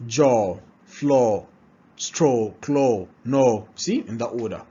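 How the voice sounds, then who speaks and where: A man's voice: mid-range voice, extremely slow, mellow, slightly rough, highs cut off. A man who speaks English as a second language, teaching pronunciation and repeating each word several times with checks like "all right?". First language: not English. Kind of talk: pronunciation lesson, drilling words aloud.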